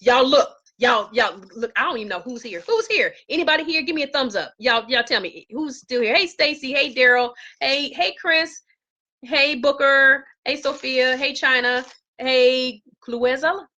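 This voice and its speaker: A woman casually telling a story to live viewers from her home, acting out quoted lines in a higher voice. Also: moderate pace, muffled recording. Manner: animated, acts out quotes in a high voice. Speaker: live-stream vlogger. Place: home with herbs around.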